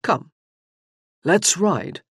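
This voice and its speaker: Woman doing stern grave male officer, measured, dry audiobook sound. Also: lowish voice, very animated, creaky, fairly bright tone, husky, no echo, exaggerated voice.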